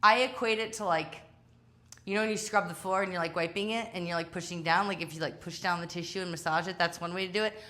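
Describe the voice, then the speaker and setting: Speaking fast in a steady, slightly bright tone, a woman with a voice on the low side leads a home workout class live. She chats and runs herself down a bit, sounding tired from the exercise.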